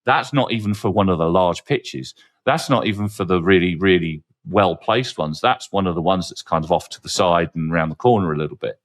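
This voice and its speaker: Deep-voiced wry man. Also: expressive, brisk, few pauses. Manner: candid, wry and cynical, rambling with restarts. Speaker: podcast host. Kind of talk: casual panel chat.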